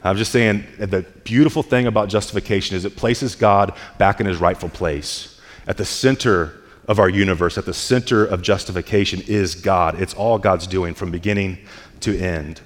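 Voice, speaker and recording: A man preaching a sermon as pastor, earnest, often repeating words as he restarts, building to louder peaks. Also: sits low, normal speed. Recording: long reverb of a church hall.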